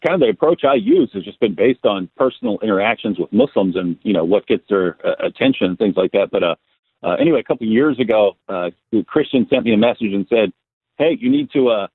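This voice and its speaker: A man's voice: fairly low pitch, lively intonation, quick pace, husky, no room sound. A man being interviewed as a guest, speaking bluntly and telling stories with frequent restarts. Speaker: guest apologist. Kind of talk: conversational interview answers. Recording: tinny phone line.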